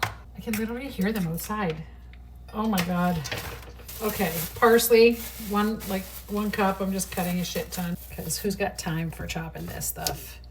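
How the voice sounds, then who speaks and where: A middle-aged woman who vlogs home cooking chats casually and swears freely while cooking in her kitchen, her mid-range voice moving at a moderate pace. She talks to a phone on a tripod, and its mic picks her up from across the room along with background noise.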